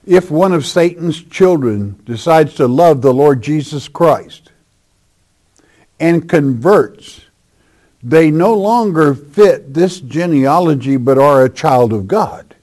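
A man teaching from the Bible in sermon style, emphatic and repeating his points, often dropping soft at the ends of lines. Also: on the high side, animated, slow pace. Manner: emphatic, repeats phrases, drops softly at line ends.

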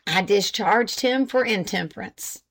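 A woman's voice: medium pitch, a little slow, gravelly, a bit bright. A woman voicing a reluctant older male witness who gives short, grudging answers.

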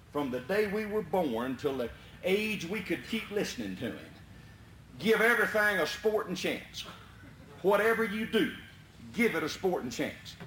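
A man spins a folksy tall tale, chuckling as he goes. His voice sits a little high and swings widely in pitch. The recording is roomy, with a faint hum behind it. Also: fairly bright tone. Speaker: storyteller. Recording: roomy echo, faint background noise.

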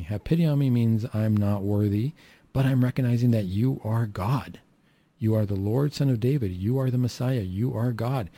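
A man's voice: on the low side, normal speed, gravelly, dark tone, slightly rough, no room sound. A man preaching a sermon who acts out the quoted lines of the people in the story and asks the listeners questions.

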